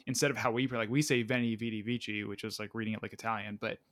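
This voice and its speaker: A man's voice: lowish voice, steady tone, rapid-fire, a bit bright. A man co-hosting a casual writing chat, explaining ideas with frequent restarts. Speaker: podcast co-host.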